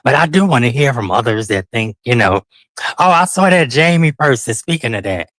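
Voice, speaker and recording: A man's voice: mid-range voice, lively intonation, fairly quick, fairly bright tone, no echo, low-quality recording. A man hosting a casual live stream while walking city streets at night, flamboyant and profane, calling his viewers honey with sing-song outbursts.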